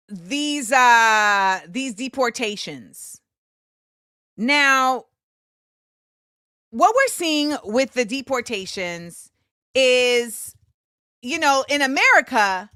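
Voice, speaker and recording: Woman host, 40s, casual commentary, emphatic and conversational, slow, dry close sound. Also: high voice, pushed and bright, dry recording. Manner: conversational and emphatic, with frequent fillers and laughter.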